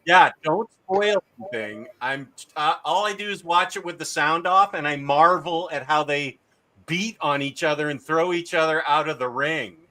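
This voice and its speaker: Casual male streamer, chatty and meandering, bright and a touch high. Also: moderate pace. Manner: rambling, reads chat aloud with filler. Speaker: livestream host. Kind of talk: casual livestream chat.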